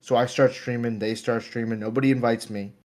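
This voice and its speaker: A young man with a New York accent from Long Island talks in a relaxed, profane way and lets his voice jump into loud mock tones. His pitch sits right in the middle for a man. He is a streamer joining a podcast as a guest. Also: a little fast. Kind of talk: casual podcast chat.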